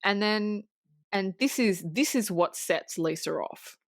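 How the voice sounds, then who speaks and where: A woman co-host recounts a film scene in relaxed podcast chat. She talks in an animated way, curses freely and restarts her sentences often. Her mid-pitched voice is recorded close and dry, with no room sound. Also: slow, no echo. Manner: animated retelling, swearing, frequent restarts. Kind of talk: casual film recap.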